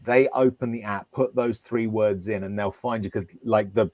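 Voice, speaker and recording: A man's voice: on the low side, fairly even intonation, normal speed, a little mellow, no echo. A man on a football podcast panel, explaining things at length in casual chat.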